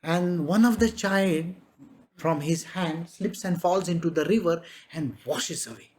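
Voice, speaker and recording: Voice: medium pitch, a little mellow, slight background noise. A spiritual master giving a devotional discourse, telling a parable with frequent chuckles. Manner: slow storytelling, chuckling.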